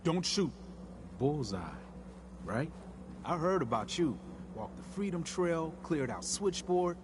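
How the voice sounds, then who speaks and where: A man's voice: on the high side, lively intonation, slow, noisy background. An actor playing an easygoing, friendly male resistance agent in a video game, talking in a chatty, reassuring way.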